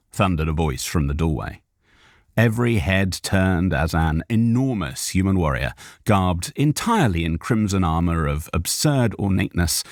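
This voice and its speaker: A man narrating an audiobook in a live recording session, expressive and careful. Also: low voice, normal speed, no room sound, clean studio sound.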